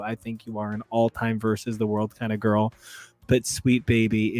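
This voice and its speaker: A man hosting a podcast in casual chat, telling long, animated stories with lots of fillers. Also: mid-range voice, no echo. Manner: rambling, animated storyteller. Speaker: podcast host.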